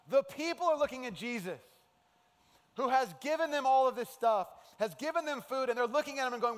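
A man preaching a sermon as a pastor, in an animated, conversational way. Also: very high voice, racing. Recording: long hall reverb.

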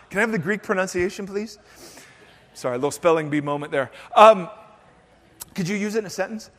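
A man's voice: high voice, a bit bright, in a large hall. A male pastor giving a sermon to his congregation, breaking in with playful joking asides. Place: church sanctuary.

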